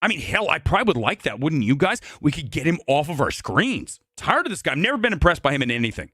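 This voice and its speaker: A man's voice: on the high side, very animated, fast, pushed and bright, breathy edge, no room sound, studio quality. Brash, profane man ranting at a mic. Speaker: live-stream movie commentary host. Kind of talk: ranting live-stream commentary.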